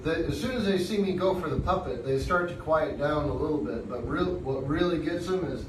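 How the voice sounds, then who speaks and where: A man teaching English, explaining how he uses puppets in class in a relaxed, halting way with fillers. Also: fairly high pitch, noisy background. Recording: echoey room from far off.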